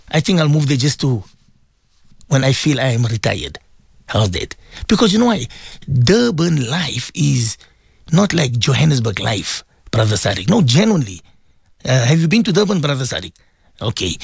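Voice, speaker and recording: A man's voice: fairly high pitch, breathy edge, no room sound, clean studio sound. A middle-aged man, chatting casually on morning radio and reading out listener messages, with many fillers and repeats. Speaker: radio presenter.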